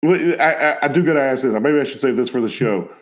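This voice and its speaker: A man hosting a casual talk show, asking questions with stumbling restarts and telling his own lively story. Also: mid-range voice, quick pace. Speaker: show host. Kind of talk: casual chat.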